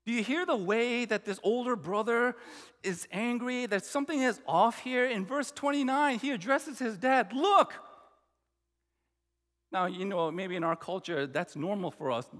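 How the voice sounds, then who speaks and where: A man's voice: high voice, normal speed, fairly bright tone, big-room sound. A man preaching a sermon, emphatic, acting out the quoted lines. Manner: emphatic, acts out the quoted brother. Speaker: pastor.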